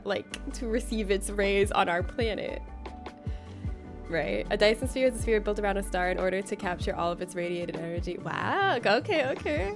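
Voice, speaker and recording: Keep it loose: a woman chatting with her chat mid-game, lots of "like", breaking into laughs. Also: mid-range voice. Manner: giggly, rambling, lots of "like". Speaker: livestreamer. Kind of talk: casual chat with viewers.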